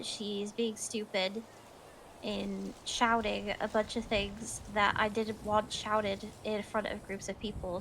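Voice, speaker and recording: A woman's voice: mid-range voice, noisy background, natural voice. A woman playing a scattered young woman in an online role-play, rambling, apologizing and swearing a lot. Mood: angry.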